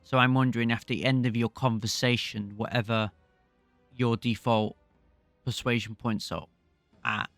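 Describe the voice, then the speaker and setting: A man's voice: medium pitch, level tone, normal speed, gravelly, a bit bright, no room sound, faint music behind. A man co-hosting a podcast, thinking aloud in a rambling, casual way. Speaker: podcast co-host. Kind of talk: casual game discussion.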